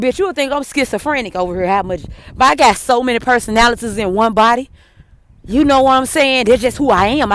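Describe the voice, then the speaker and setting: A woman telling a personal story to her viewers, blunt and cursing, swinging between heated outbursts and hushed apologies. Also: on the high side. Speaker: vlogger. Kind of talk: emotional personal storytelling to camera.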